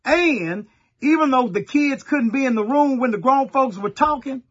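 A middle-aged pastor from Texas, preaching a sermon in a folksy storytelling way and talking straight to the congregation. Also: male voice, extremely high pitch, animated, moderate pace, lo-fi sound.

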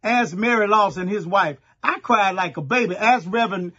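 Husky high-voiced preacher. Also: male voice, normal speed, sharp tone, dull audio. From Texas. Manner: folksy call-and-response preaching, storytelling with asides to the congregation. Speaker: pastor. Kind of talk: sermon.

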